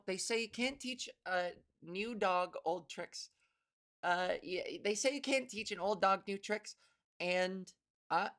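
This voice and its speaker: A woman's voice: medium pitch, a bit bright. Rambling, profane woman comedian. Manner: rambling, profane, self-interrupting. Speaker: podcast host and comedian. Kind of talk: casual comedic monologue.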